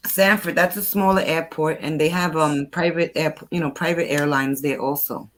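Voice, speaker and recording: A woman's voice: sits low, normal speed. Chatty older New woman. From New York. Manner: chatty, animated storyteller. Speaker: host. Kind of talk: casual chat.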